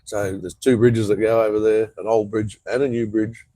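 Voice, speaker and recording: A man's voice: lowish voice, level tone, normal speed, dark tone, no room sound, rough recording. A man with an Australian accent, rambling in a laid-back way as he chats casually on a live stream from an outdoor patio. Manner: rambling, laid-back, reads out viewer comments. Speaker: vlogger.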